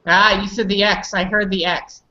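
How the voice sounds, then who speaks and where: A woman's voice: mid-range voice, little pitch movement, normal speed, pushed and bright, lo-fi sound. A woman teaching English pronunciation, patiently correcting students and calling on them by name. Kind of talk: online pronunciation lesson.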